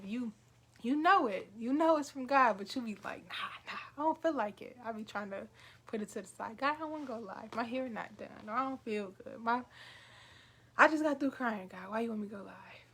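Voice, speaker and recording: Woman, motivational livestreamer, earnest and preachy, higher pitch. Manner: earnest, preachy, swings between loud and hushed. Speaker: self-help livestreamer.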